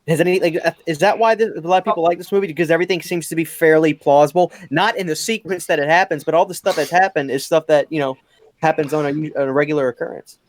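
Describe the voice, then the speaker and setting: A man's voice: fairly high pitch, quick pace. A man in a casual commentary asking a question, with hesitant restarts.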